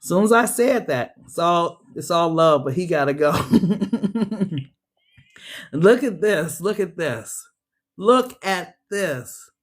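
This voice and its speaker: A woman giving a casual tarot reading straight to her viewers, animated and slangy, often laughing and playing out what people say. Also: lowish voice, takes it slowly, long pauses. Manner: animated, chatty, addresses viewers directly; frequent laughs and acted-out quotes. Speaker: tarot reader.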